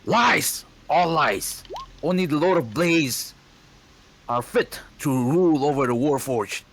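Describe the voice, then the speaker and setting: A man voicing a hostile male Warforged soldier, a fanatical construct who shouts his accusations. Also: medium pitch, takes it slowly, slightly rough, pitched above the performer's own voice, heavily acted.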